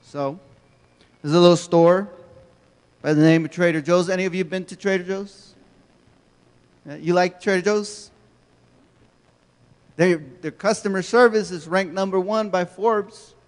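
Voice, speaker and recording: A man's voice: high voice, steady tone, unhurried, long pauses. A man giving a conversational, storytelling keynote talk to educators, asking the audience questions, heard with a long hall reverb. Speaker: keynote speaker.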